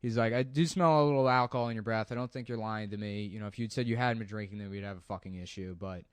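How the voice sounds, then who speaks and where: A man co-hosting a podcast, telling stories in a laid-back way and quoting people in a flat mumble. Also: fairly low pitch, fast, smooth, dry recording. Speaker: podcast co-host. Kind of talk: casual podcast banter, storytelling.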